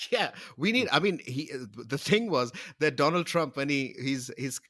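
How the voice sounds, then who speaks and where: Guy co-hosting a podcast from home, bright forceful voice, rambly and giggly. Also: a little high, lively intonation, moderate pace. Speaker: podcast co-host. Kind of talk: casual comedy chat. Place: home, remote call.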